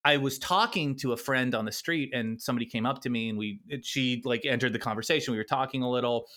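Casting: man, 30s, bright voice, self-deprecating rambler in relaxed podcast chat. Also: mid-range voice, quick pace. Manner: rambling, self-deprecating storyteller with frequent laughs. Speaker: podcast guest.

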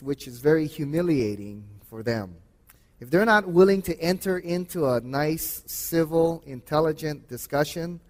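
Male Bible teacher, slightly higher voice, conversational, with long hall reverb. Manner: conversational, often says okay and uh. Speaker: teacher and radio host.

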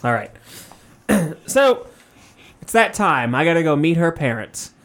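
A man co-hosting a comedy podcast, telling an exaggerated, crude story and often clearing his throat. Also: fairly high pitch, very animated, measured pace, a bit bright. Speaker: podcast co-host.

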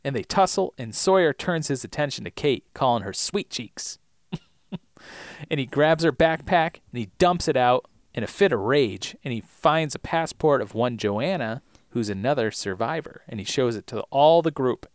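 Easygoing podcast co-host, very animated intonation, dry booth sound. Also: medium pitch, moderate pace, no room sound. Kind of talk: casual chat recapping a TV episode.

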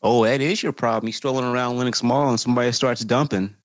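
A man's voice: medium pitch, fairly even intonation, quick pace, dry recording. A man pushing back in a casual debate, asking pointed questions and throwing in sarcastic, joking asides.

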